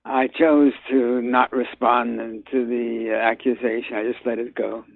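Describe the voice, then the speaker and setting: An older man, a guest actor, talking in a phone interview, halting with many fillers and restarts. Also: medium pitch, level tone, gravelly, dry recording. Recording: tinny phone line.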